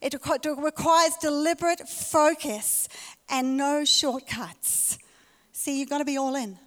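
A woman's voice: sits high, fairly even intonation, measured pace, fairly bright tone. Aussie lady preaching, punches and repeats her points, big echoey church. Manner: emphatic, repeats key phrases. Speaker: pastor. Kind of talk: sermon. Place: church hall. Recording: reverberant church hall.

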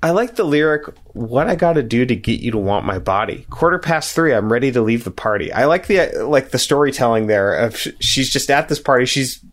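A man's voice: mid-range voice, animated, brisk, hardly any pauses. A man co-hosting a casual music podcast, talking in a playful, amused way and laughing often. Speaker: podcast co-host. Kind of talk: casual chat about music.

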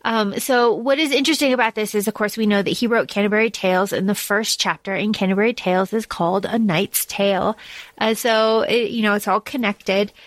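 A woman's voice: mid-range voice, fairly even intonation, fairly quick, no echo. A woman co-hosting a podcast in casual chat, rambling with many restarts and fillers. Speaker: podcast co-host.

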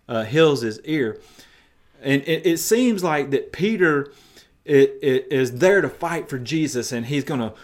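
A man preaching a sermon, retelling a story emphatically and in vivid detail. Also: mid-range voice.

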